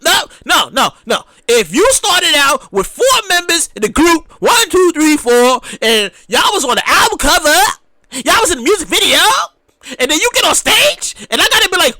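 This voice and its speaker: Rowdy, slightly tipsy podcast host who rants and shouts, high-pitched, all over the place in pitch. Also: normal speed, no room sound. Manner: loud, excitable, often shouting; rambling with many restarts. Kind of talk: casual podcast rant.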